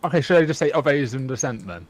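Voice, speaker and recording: A man's voice: medium pitch, expressive, fast. A man chatting casually on a game stream, hesitant and often restarting his sentences. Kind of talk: casual chat.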